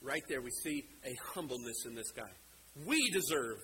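A male preacher giving a sermon, animated, acting out scripture and slowing down to stress key lines. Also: medium pitch, slight background noise, rough recording. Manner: animated, acts out scripture quotes, slows for emphasis.

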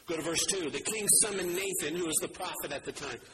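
A man preaching a sermon, talking casually and acting out the quoted speakers with big swings in his voice. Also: quick pace. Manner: animated, acts out quoted voices with wide pitch swings. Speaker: pastor. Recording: noticeable background noise.

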